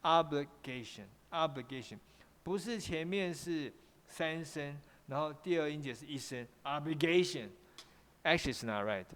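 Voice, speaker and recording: A man's voice: on the high side, normal speed, fairly bright tone, long reverb tail. A man with a Taiwanese accent teaching English pronunciation in an online class, often repeating himself and switching into Mandarin.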